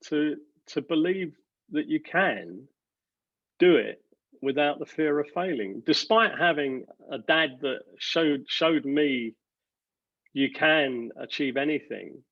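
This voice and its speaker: A company director giving earnest interview answers, halting with many fillers and restarts. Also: male voice, a little high, a bit bright, no room sound, lo-fi sound.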